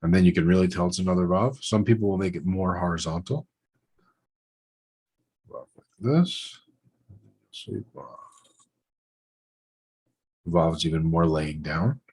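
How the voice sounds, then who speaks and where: Low husky man teaching while drawing. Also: a little slow, long pauses, a little mellow, poor audio. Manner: thinking aloud while drawing letters, short trailing phrases. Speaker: Hebrew lettering teacher. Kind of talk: relaxed instructional demonstration.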